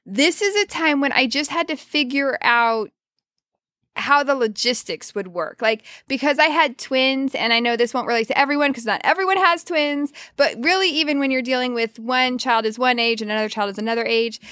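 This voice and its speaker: A woman's voice: sits high, normal speed, sharp tone, no room sound, clean studio sound. A woman co-hosting a podcast, chatting casually with a playful, teasing manner and easy laughter. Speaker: podcast co-host. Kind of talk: casual chat.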